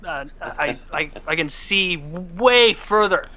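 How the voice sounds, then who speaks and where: A man's voice: on the high side, lively intonation, slow, pushed and bright, highs cut off. A man in casual chat who jokes in a dry, self-mocking way.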